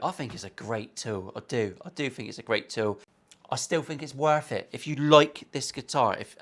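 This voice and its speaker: A man's voice: on the high side, a bit bright. A man, a luthier and host of a guitar channel, chatting in his workshop with blunt, jokey, profane banter. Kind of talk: casual sweary banter.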